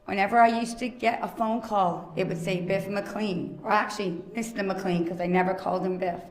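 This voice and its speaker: A woman's voice: medium pitch, fairly even intonation, moderate pace, roomy sound. A woman, the daughter-in-law, telling a story at a memorial and acting out both sides of a phone call. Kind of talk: anecdote at a memorial.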